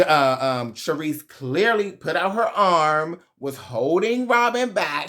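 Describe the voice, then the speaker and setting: A man's voice: fairly high pitch, sharp tone. A man hosting a casual reality TV recap, chatty, slangy and profane, laughing often.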